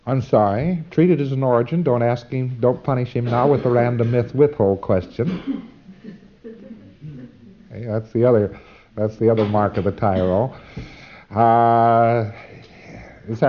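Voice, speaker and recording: A man's voice: mid-range voice, normal speed. A man giving an informal instructional lecture, folksy and emphatic, with frequent asides and fillers. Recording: dull lo-fi recording.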